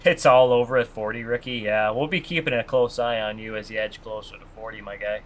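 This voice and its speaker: A man's voice: on the low side, fairly even intonation, a little fast. A man chatting casually with his live-stream audience while playing a farming game, joking and reading the chat aloud.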